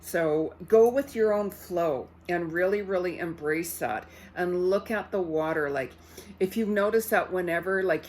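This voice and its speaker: A woman's voice: fairly low pitch, slight background noise. A woman psychic medium giving a casual card reading to her viewers, chatty and loose, full of "like" and "you know", often repeating her words.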